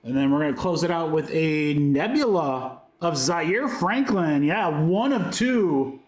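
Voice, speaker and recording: Upbeat high-voiced man hosting a card-break stream. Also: animated, unhurried. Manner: upbeat, joking patter calling out cards. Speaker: host of a card-break livestream. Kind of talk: live card-break commentary. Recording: roomy echo.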